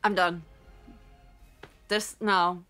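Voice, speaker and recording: Bright-voiced exasperated young woman reacting. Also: lowish voice, extremely slow, soft background music. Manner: expressive, exasperated, gasping and groaning. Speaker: anime reaction youtuber. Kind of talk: live reaction commentary.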